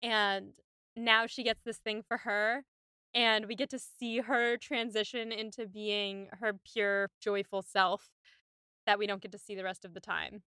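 Bright, clear-voiced woman podcast co-host. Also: mid-range voice, a little slow, no room sound, clean studio sound. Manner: lively, animated retelling of scenes. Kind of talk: casual chat.

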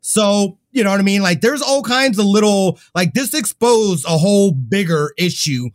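A man's voice: high voice, animated, normal speed, no room sound, studio quality. A man co-hosting a gaming podcast, giving frank opinions in casual chat with some fillers. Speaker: podcast co-host.

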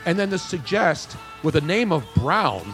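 A man's voice: high-pitched, sing-song, moderate pace. A man from Philadelphia with a thick New York accent, co-hosting a radio show and ranting with mock indignation in casual banter. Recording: music playing under the talk.

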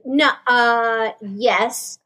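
A woman's voice: fairly high pitch, drawn-out words, bright, forceful tone. A woman in her fifties, a guest, telling an emotional story in a rambling way and correcting herself as she goes. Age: 50s. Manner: rambling, self-correcting recollection. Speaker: actress guest.

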